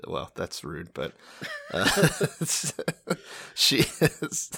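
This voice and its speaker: A man with a low, gravelly voice co-hosts a casual podcast in a dry, close sound. He swings his pitch up and down a lot. He is sarcastic, laughs often and swears. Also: huge pitch swings, drawn-out words, fairly bright tone, no echo. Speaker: podcast co-host. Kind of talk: casual comedic Bible retelling.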